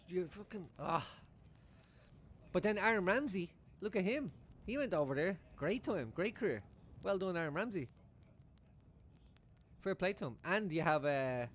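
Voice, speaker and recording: A man's voice: on the high side, slight background noise. Chatty, cursing male football streamer. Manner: rambling, swears freely, chuckles often. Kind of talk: casual live-stream chat.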